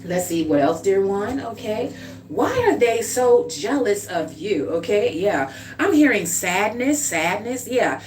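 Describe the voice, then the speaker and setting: A woman's voice: medium pitch, very animated, unhurried, a little mellow. A woman giving a livestream tarot reading in a chatty, informal way, often checking in with "okay?" and calling the listener "dear one". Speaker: tarot card reader. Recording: slightly distant mic with faint hum.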